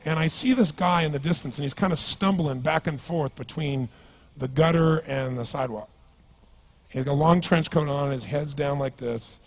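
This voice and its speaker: A man with a husky voice that sits a little high for a man delivers a motivational seminar talk. He speaks emphatically and energetically, drives each point home and turns to the audience with rhetorical questions.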